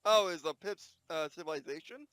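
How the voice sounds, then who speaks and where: High-voiced man muttering over gameplay. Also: fairly quick, clear, resonant tone, no room sound. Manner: muttering, repeats himself, bursts of excitement. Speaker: gameplay commentator. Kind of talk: casual let's-play commentary.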